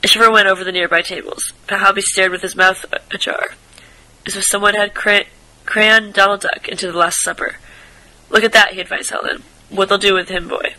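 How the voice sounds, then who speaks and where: A man reading a short story aloud in a casual, unpolished way, tripping over words and restarting, with quiet asides. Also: high-pitched, rough recording. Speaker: reader.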